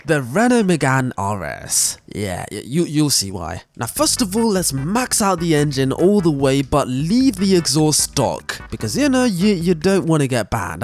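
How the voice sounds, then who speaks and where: A man hosting a gaming channel, giving animated, joking gameplay commentary and often tripping over his words. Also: on the high side.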